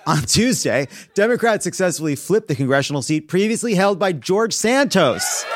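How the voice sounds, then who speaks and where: A man at a middle pitch, running through a scripted comedy monologue as host. His delivery is sarcastic and punchy, snapping each joke into place. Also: background noise.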